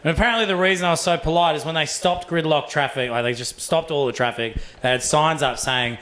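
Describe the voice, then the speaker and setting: A young Australian man performing a profane, animated stand-up set in a comedy club, acting out voices as he tells stories. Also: a little high, fast talker, few pauses. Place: comedy club stage with laughing audience. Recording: roomy club sound.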